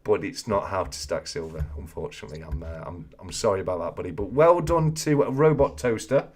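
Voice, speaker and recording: Lively man hosting a live chat. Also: deep voice, fairly quick. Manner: jokey, laughs often, reads out viewer answers. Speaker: host of a live coin-collecting chat stream. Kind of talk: casual live-stream chat.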